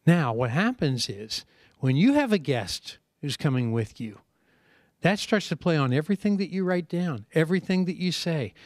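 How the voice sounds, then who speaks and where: A middle-aged man, a preacher speaking on a conference panel, telling stories in a lively way and acting out what other people say. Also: fairly high pitch, moderate pace, dry recording, studio quality. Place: conference seminar session.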